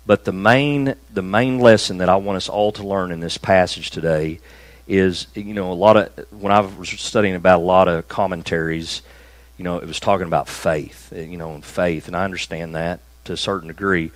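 A man preaching a conversational sermon to a small church room, slowing down to stress key phrases. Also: sits low, steady tone, no echo, low-quality recording. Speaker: pastor.

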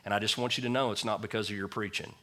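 A middle-aged man, a pastor, preaching a sermon at a church service and telling stories with lively acted-out quotes. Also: lowish voice, very fast. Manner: animated storytelling with acted quotes.

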